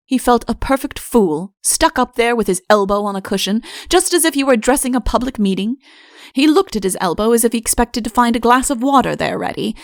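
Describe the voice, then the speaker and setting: A woman reading a storybook as an audiobook narrator, in a measured, clear manner. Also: medium pitch, dry recording, studio quality.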